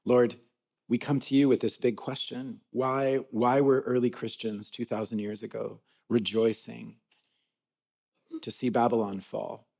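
A man's voice: medium pitch, flat delivery, measured pace, vocal fry, a little mellow. A man leading a church service as pastor, casual and enthusiastic, moving from thanks into prayer. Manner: casual and enthusiastic, with fillers and restarts. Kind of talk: sermon introduction and prayer.

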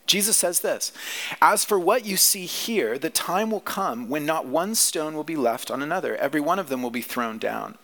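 A man's voice: a little high, animated, moderate pace, pushed and bright. A man preaching a sermon, teaching through a scripture passage in a conversational way and often asking the listeners questions. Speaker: pastor.

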